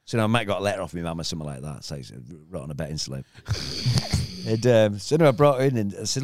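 A man's voice: on the low side, animated, rapid-fire, a little mellow, no room sound, soft background music. A man, a guest comedian telling rambling stories in casual podcast chat and acting out the other people in them. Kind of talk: casual storytelling.

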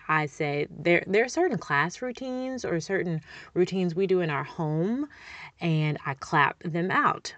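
A woman's voice: deep voice, dry recording. Brief woman, cheerful speech therapist teaching parents, dry close sound. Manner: upbeat, chatty, encouraging, checks in with "okay?". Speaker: speech-language pathologist. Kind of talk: parent coaching tutorial.

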